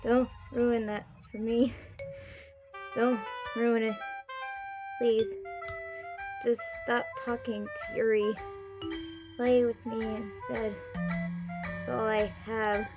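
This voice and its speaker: A woman's voice: on the high side, little pitch movement, slow pace, long pauses, music in the background. A woman reading aloud the lines of a prickly, defensive teenage girl from a game, curt and sulky, then pleading.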